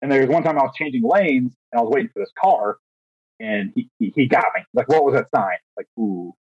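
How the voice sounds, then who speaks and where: A young man with a husky, mid-pitched voice tells a story on a podcast in a casual, animated way, acting out quotes and stumbling into restarts. He is recorded dry and close, with a slightly dull, lo-fi tone. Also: fairly quick, no room sound. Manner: animated, acts out quotes, frequent restarts and fillers. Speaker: podcast co-host, teacher.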